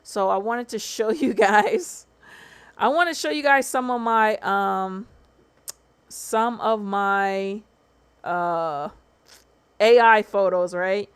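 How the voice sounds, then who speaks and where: A woman's voice: mid-range voice, takes it slowly, pauses often, clean tone. A woman hosting a casual livestream, talking in a chatty, slangy way and swearing freely. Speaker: livestream host.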